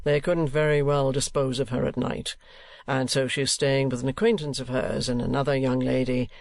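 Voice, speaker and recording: A man voicing a pompous, penny-pinching older male rate collector, slow and fussy in his talk. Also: mid-range voice, flat delivery, creaky, no echo, lightly acted. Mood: anxious.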